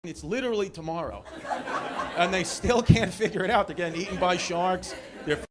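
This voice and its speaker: Man, New York accent, stand-up comedian, high-pitched, rowdy crowd-work delivery, live club recording with loud audience noise. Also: normal speed. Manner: loud, rowdy storytelling that jumps into shouted impressions. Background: crowd laughter.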